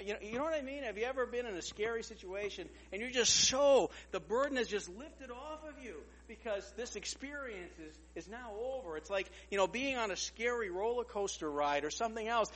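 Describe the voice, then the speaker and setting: A man's voice: very high voice, animated, fairly quick, few pauses, fairly bright tone, in a large hall. A man preaching a storytelling sermon, repeating words as he goes and acting out other people's lines.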